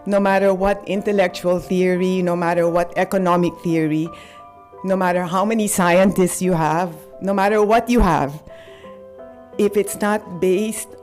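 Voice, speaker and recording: A Filipino woman in her sixties giving an acceptance speech, halting and earnest, with frequent fillers and restarts. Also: lowish voice, steady tone, a little mellow, soft background music. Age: 60s. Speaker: award recipient.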